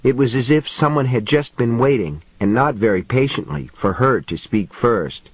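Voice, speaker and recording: A man narrating a horror audiobook in a measured, even storytelling voice. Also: medium pitch, breathy edge, no echo, poor audio.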